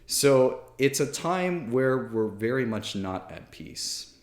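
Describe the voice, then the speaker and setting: A man's voice: medium pitch, expressive, takes it slowly, reverberant. A man in his thirties, a priest, giving a candid, self-deprecating talk with many fillers and restarts from a library armchair. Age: 30s. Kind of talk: casual spoken talk to camera.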